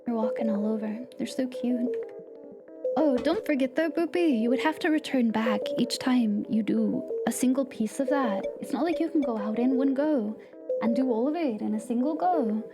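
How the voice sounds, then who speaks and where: A woman streaming a game live, chatting playfully with viewers and slipping into soft whispered asides. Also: on the high side, moderate pace. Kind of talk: casual live-stream chat. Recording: game music playing behind the voice.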